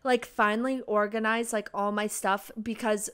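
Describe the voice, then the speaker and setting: A young woman co-hosting a casual chat podcast, chatty and quick to laugh, with casual slang. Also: mid-range voice, flat delivery, fairly bright tone, smooth. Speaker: podcast co-host.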